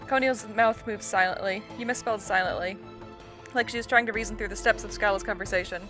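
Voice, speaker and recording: A woman's voice: medium pitch, fast talker, a bit bright, soft background music. A woman hosting a game playthrough, reading the story aloud with chatty, self-deprecating comments. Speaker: let's-play host.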